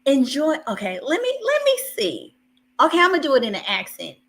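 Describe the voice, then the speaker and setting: A woman's voice: sits high, big pitch swings, quick pace, a bit bright. A woman hosting a live stream, chatting casually and animatedly with her viewers while she waits, often laughing between lines. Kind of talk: casual live commentary to a chat.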